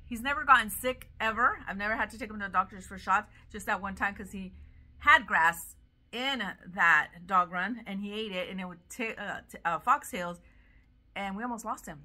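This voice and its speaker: A woman's voice: mid-range voice, normal speed, pushed and bright. A middle-aged woman vlogger chatting casually about her dogs and thrift-store finds, gushing and a little defensive. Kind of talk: casual vlog chat.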